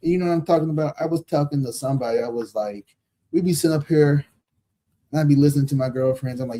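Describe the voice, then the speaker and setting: Fast and fairly high-pitched yet mellow, a man in his thirties reads tarot live on stream. The talk is casual and profane, full of slang, blunt repetition for emphasis, and frequent laughter.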